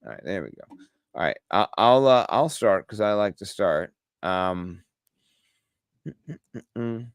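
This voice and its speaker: A man's voice: on the low side, animated, unhurried, pauses often, no room sound, studio quality. A man co-hosting a podcast in casual chat, rambling with lots of fillers and easily amused. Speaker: podcast co-host.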